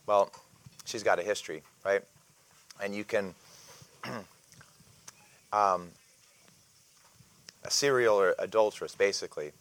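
A man teaching a casual Bible lesson, speaking hesitantly with many fillers and restarts and often clearing his throat. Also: lowish voice, slow pace, pauses often.

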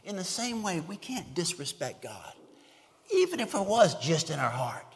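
Emphatic preacher in a reverberant hall. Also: male voice, a little high, wildly swooping pitch, moderate pace, creaky. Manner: earnest, emphatic, repeats words as he restarts. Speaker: pastor. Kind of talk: sermon.

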